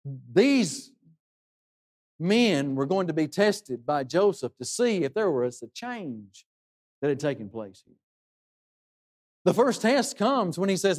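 A man's voice: a little high, sing-song, slow pace, pauses often. A man preaching a sermon in an earnest way, asking rhetorical questions and dropping his voice for emphasis.

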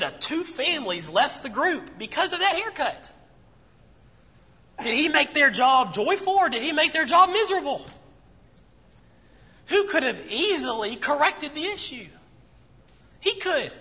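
Pushed and bright, his high voice carries through a church assembly room as he preaches. He keeps it conversational, asking rhetorical questions and hammering phrases through repetition, all under a long hall reverb.

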